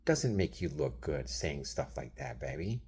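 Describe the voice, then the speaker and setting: A man in his thirties talks straight to camera in a loose, rambling vent, speaking to someone who isn't there. His voice sits low and has a husky, rough edge. Every so often he drops into a hushed whisper before picking up again. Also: big pitch swings, measured pace. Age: 30s. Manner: rambling, addresses someone absent, slips into whispered asides. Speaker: vlogger. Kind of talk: venting monologue to camera.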